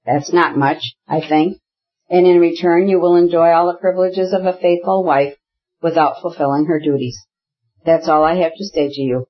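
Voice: lo-fi sound, close to an everyday voice. A reader voicing a cold, sarcastic official husband. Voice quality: thin, shrill and sarcastic. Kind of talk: audiobook character reading.

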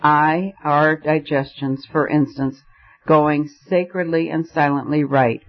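A man's voice: a little high, steady tone, takes it slowly. Brief: fervent, argumentative young poet, read by a man, slightly raised voice, dull lo-fi sound. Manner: fervent and declamatory. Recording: dull lo-fi recording.

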